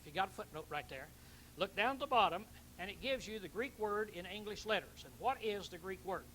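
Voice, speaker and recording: A man's voice: high voice, expressive, a little fast, pushed and bright, a little hiss or hum, rough recording. A man preaching a Bible teaching sermon, emphatic, repeating key words and questioning his listeners.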